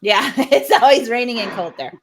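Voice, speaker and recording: A woman's voice: on the high side, expressive, normal speed. A woman co-hosting a casual chat show, laughing often as she talks. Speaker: co-host. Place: lives in Ireland.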